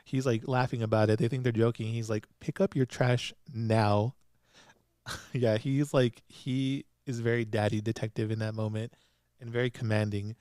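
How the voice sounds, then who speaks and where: A man's voice: medium pitch, flat delivery, a little fast, warm tone, smooth, no room sound, clean studio sound. A young man hosting a solo podcast, chatting casually and laughing often as he recaps episodes. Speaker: podcast host.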